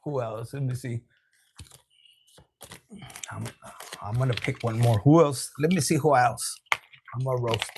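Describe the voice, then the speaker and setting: Male tarot reader with a raspy voice, casual and profane, peppers his reading with Spanish slang. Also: medium pitch, measured pace, long pauses, noisy background. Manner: loose, profane and laughing, with Spanish slang asides.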